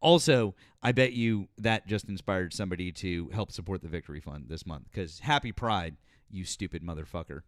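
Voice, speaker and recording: A man hosting a live call-in politics show, arguing hard with a caller, shouting and cursing, then dropping into low muttered asides. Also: moderate pace, no room sound, studio quality. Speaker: host. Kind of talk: heated call-in debate.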